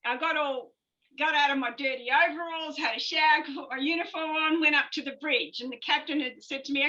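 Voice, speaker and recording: A woman, a guest telling lively stories in a conversation and laughing often. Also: high voice, brisk, lo-fi sound. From Australia. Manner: animated storyteller who laughs often. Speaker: guest, former naval officer. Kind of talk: storytelling in a conversation.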